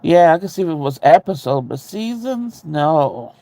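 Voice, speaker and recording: Gravelly man chatting casually. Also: on the high side, moderate pace, warm tone. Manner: rambling, candid, laughs easily. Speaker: streamer chatting with viewers. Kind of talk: casual chat.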